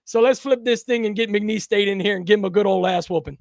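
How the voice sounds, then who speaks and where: A man's voice: high voice, fast, dry recording, clean studio sound. A man, co-hosting a casual sports talk podcast, emphatic and repeating himself when fired up. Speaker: podcast co-host.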